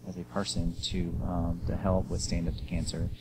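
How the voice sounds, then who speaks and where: A man hosting an interview, speaking gently and sympathetically with many hesitations. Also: low-pitched, completely flat delivery, moderate pace. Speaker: host. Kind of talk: interview conversation. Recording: audible background noise.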